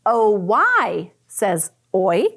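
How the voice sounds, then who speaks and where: A woman teaching a phonics lesson to young children, sounding out letter patterns slowly and praising often. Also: mid-range voice, sing-song, fairly bright tone. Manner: slow, exaggerated sounding out of letters; cheerful praise and questions to the listener. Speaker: first grade teacher.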